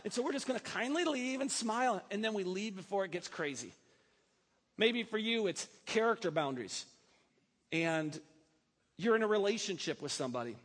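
A male pastor preaching a sermon in a church, animated and breaking in with joking asides. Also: high-pitched, moderate pace. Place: church sanctuary. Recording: long hall reverb.

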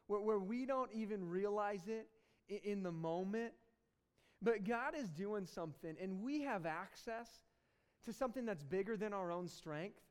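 A man preaching a sermon as pastor at an evening service, earnest and often dropping to soft, hushed tones. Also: high voice.

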